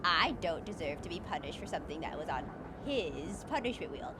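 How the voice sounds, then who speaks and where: A young woman streamer chatting casually, with animated, dramatic, playful complaining and lots of laughter. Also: fairly low pitch, fairly quick, heavy background noise.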